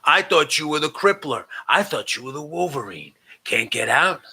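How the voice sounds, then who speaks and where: A man voicing a sneering male Yeti monster who taunts in a low, gloating voice. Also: sing-song, normal speed, pushed and bright, slightly rough, heavily acted.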